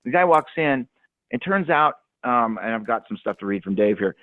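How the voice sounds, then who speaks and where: Over a dry phone line, a man caller tells a rambling story full of fillers and restarts. His mid-range voice has lively intonation and moves at normal speed.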